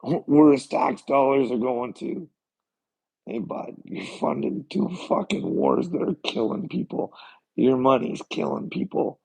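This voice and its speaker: A man's voice: medium pitch, expressive, measured pace, creaky, darkish tone, husky, poor audio. A man ranting on a solo livestream, profane and mocking, laughing between phrases.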